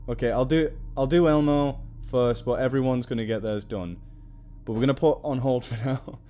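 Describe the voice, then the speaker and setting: A man's voice: mid-range voice, moderate pace, mellow. Giggly man streaming. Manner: chatty, giggly, rambling. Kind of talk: casual live-stream chat.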